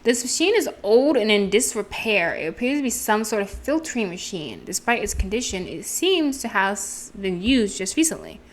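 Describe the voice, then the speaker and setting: A woman playing a game, reading its descriptions aloud and thinking through puzzles out loud. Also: mid-range voice, sing-song, normal speed, few pauses. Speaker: let's play gamer. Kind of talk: reading game text and commentary. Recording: game music behind. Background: game music.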